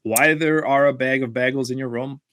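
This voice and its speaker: A young man with a Minnesotan accent co-hosting a casual podcast, animated and rambling, with lots of restarts. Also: medium pitch, a little fast. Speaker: podcast co-host.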